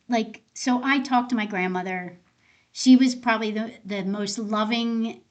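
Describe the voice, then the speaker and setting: A woman being interviewed as a guest, an end of life doula telling personal stories in a casual, conversational way and acting out the dialogue she quotes. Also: mid-range voice. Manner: animated, acts out quoted dialogue in her stories.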